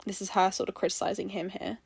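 A woman's voice: mid-range voice, little pitch movement, fast, creaky, husky, dry recording. A woman breaking down a song in a casual, emotional way, rambling with fillers and restarts. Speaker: music reviewer.

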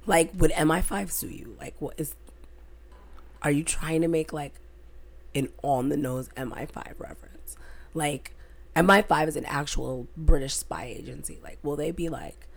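A young woman telling a story on a casual podcast, animated, dropping into whispers when she quotes herself. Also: sits low, normal speed, gravelly. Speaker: podcast co-host.

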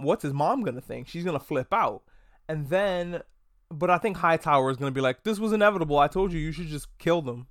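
A man hosting a casual video review of a TV episode, talking excitably, rambling and swearing a lot. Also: on the high side, dry recording, studio quality. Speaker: TV show reviewer.

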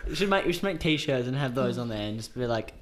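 A man's voice: mid-range voice, expressive, fast talker, noisy background. A young man co-hosting a podcast, chatting bluntly and joking, swearing freely. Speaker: podcast co-host. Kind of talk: casual chat.

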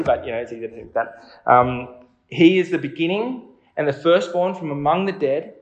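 A man's voice: fairly high pitch, normal speed, roomy sound, lo-fi sound. A man preaching a sermon in an earnest, conversational way, asking his listeners questions.

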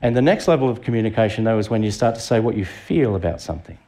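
A middle-aged Australian visiting preacher races through his sermon in a lowish, mellow voice with lively intonation. He talks with the congregation conversationally, asking them rhetorical questions.

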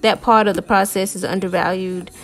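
A woman's voice: mid-range voice, steady tone, fairly quick, a bit bright. A woman tarot reader giving a casual, encouraging pep talk to her viewers, talking loosely with lots of "y'all" and "man" and repeated phrases. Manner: conversational, repeats herself, uses "y'all" and "man".

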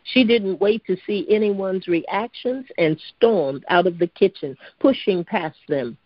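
A woman reads a story aloud in a steady, measured voice and now and then trips over a word. The recording is dry with no room sound, and its tone is a bit dull and lo-fi. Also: medium pitch, no room sound. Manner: steady, even reading with occasional stumbles. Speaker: narrator. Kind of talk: storybook narration read aloud.

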